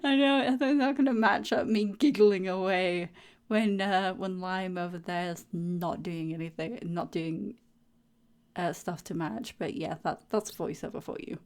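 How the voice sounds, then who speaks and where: A young woman doing a casual, chatty voiceover for her gaming video. She giggles a lot and acts out silly inner dialogue in a higher voice. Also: fairly even intonation, a little slow, darkish tone. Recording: voiceover recorded at home on a mic.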